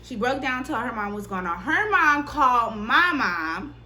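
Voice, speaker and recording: A young woman casually telling a personal story on her vlog, candid and profane, with lively delivery. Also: fairly high pitch, unhurried, a little hiss or hum. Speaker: vlogger.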